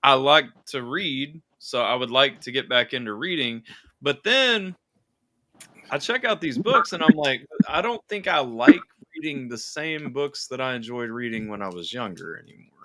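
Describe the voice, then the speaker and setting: A man's voice: medium pitch, moderate pace, no echo. A man hosting a casual livestream chat, rambling easily and swearing now and then. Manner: relaxed, swears freely, trails off. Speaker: stream host.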